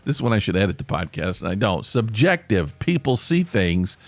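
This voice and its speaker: Podcast host, Appalachian man, low-pitched voice with lively, swinging intonation; rambling, self-correcting delivery, dry close recording. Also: brisk, gravelly, dry recording. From East Tennessee. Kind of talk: casual monologue.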